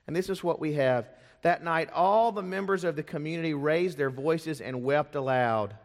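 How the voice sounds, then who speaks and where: With a voice on the high side, a pastor preaches at normal speed and hardly pauses at all. He recounts the story dramatically in a church sanctuary, playing the voices of its people. Long church-hall reverb is audible throughout.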